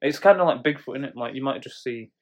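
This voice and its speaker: A man's voice: mid-range voice, quick pace. A young man, co-hosting a casual podcast chat and swearing freely as he jumps into mock voices. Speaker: podcast co-host.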